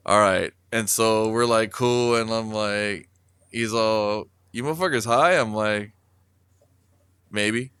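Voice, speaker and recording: A podcast co-host with a lowish, steady, fairly bright voice talks slowly, and the sound is clean with no room echo. He rambles casually through a story, swearing a lot and using many filler words.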